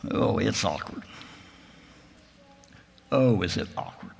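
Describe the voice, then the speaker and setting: A man's voice: lowish voice, lively intonation, slow pace, creaky, husky. A man preaching a sermon, retelling a gospel story in a reflective, imaginative way. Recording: long reverb of a large hall.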